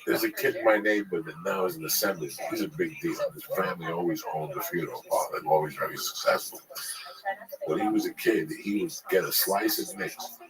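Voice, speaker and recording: A man in his fifties, telling crude stories casually and swearing constantly, often dropping to a mumble. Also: rough recording. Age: 50s. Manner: low-key, swears constantly, drifts into quiet mumbled asides. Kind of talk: casual profane storytelling. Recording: crowd noise behind the voice.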